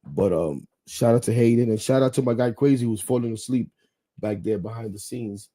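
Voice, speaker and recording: A man's voice: medium pitch, brisk, dark tone. A man hosting a live sports talk show, rambling bluntly, swearing casually and talking straight to his viewers. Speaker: podcast host.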